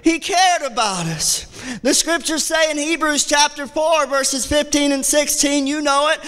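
A man preaching a sermon as associate pastor, with impassioned delivery that repeats phrases and rises to shouts. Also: very high voice, measured pace. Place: church sanctuary. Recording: church hall reverb.

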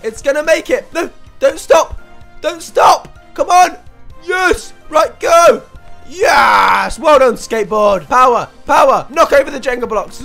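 A young man commentating a video game, panicking and shouting one moment, muttering to himself the next. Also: very high-pitched, lively intonation, measured pace, vocal fry, soft background music. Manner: shouty, panicky, swings between yelling and muttering. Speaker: gaming YouTuber. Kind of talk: excitable let's play commentary.

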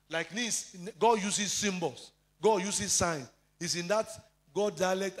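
A pastor preaching a sermon, citing scripture verses and his own testimonies, with frequent fillers. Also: high voice.

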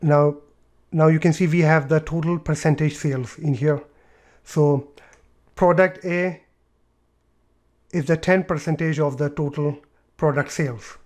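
Male tutor, higher-pitched, talks through each click plainly, light typing in background. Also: steady tone, unhurried, pauses often, a little mellow. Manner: explains step by step with fillers and repeats. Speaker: tutorial presenter. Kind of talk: screen-recorded software tutorial.

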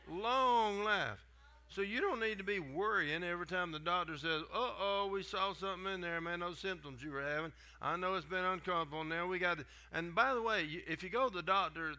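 An older man, his voice notably bright and somewhat high for a man. He talks in a folksy, conversational way, tossing in asides and restarting sentences as he goes. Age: 70s. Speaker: guest preacher. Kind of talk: sermon.

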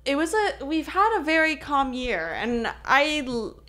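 A woman's voice: high-pitched, very animated, measured pace, sharp tone. A young woman co-hosting a podcast, telling a story in casual chat, full of "like" fillers and frequent swearing. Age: young adult. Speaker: podcast co-host.

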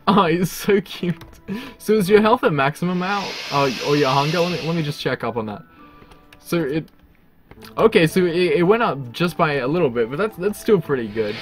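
A man giving casual gameplay commentary, excitable, laughing often and talking to the animals in his game. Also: fairly high pitch, normal speed, music in the background. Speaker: gaming channel host.

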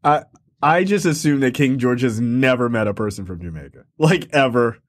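This male podcast co-host has a mid-range voice and speaks at a normal pace, joking and laughing often in an animated, casual chat reviewing a film. The studio-quality sound has no room noise.

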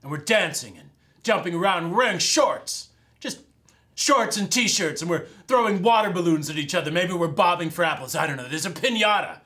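A man's voice: high-pitched, expressive, normal speed, bright, forceful tone. A man playing an eager entertainer who rambles through an absurd, escalating idea. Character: overexcited male showbiz pitchman. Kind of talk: sketch character.

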